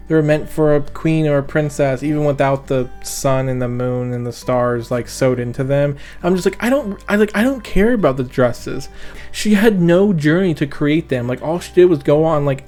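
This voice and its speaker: Exasperated young man ranting, guitar behind. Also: fairly high pitch. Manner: exasperated, sarcastic, swearing, laughing at own jokes. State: tired late at night. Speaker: book reviewer. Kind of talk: casual rant review. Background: soft background guitar music.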